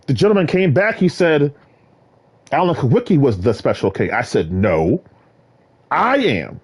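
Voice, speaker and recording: A man rambling in a solo vlog monologue, jumping between topics and bursting into sudden excited exclamations. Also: mid-range voice, measured pace, breathy edge. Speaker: vlogger.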